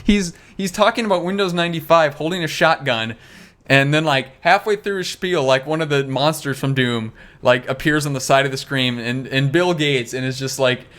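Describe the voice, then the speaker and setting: A man's voice: on the high side, normal speed, a bit bright. A man co-hosting a podcast in casual chat, rambling with lots of fillers and laughing often. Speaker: podcast co-host.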